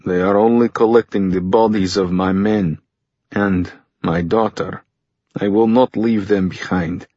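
Guy doing a slow menacing general, grief and anger under it, low voice, dull dry audio. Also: fairly even intonation, mellow, no room sound. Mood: cold. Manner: slow, clipped and threatening. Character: stern grieving male general, cold and menacing.

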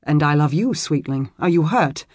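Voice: medium pitch, lively intonation, moderate pace, husky, no echo, studio quality. A narrator voicing Robert, a worried, protective young knight who speaks earnestly, tender but firm.

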